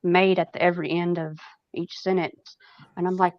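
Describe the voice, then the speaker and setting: A woman's voice: fairly low pitch, little pitch movement, moderate pace, dry recording, muffled recording. A woman from Nashville with a Southern US accent, chatting casually on a live stream and laughing often. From Nashville, Tennessee. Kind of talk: casual chat.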